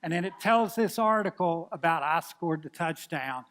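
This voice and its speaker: A man in his sixties, a pastor telling a folksy, animated story in a sermon. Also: on the high side, moderate pace. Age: 60s.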